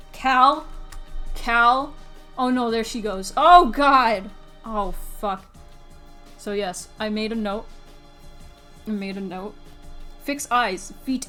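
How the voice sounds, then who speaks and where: A woman streams from her home setup, talking casually about her art in a mid-range voice. She is scattered and chatty, swearing freely and laughing along the way. Faint music plays quietly behind her. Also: medium pitch. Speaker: streaming artist. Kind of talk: casual live-stream chat.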